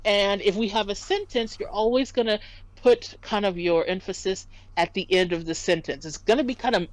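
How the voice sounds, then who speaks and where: A woman tutoring French in a casual stream lesson, animated and quick to laugh as she explains. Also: medium pitch, no echo, rough recording.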